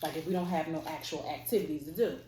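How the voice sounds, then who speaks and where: A woman's voice: sits low, fast talker. A woman vlogger casually telling a personal story to camera. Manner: casual, lively storytelling with fillers. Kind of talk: storytime chat. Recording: echoey room, faint noise.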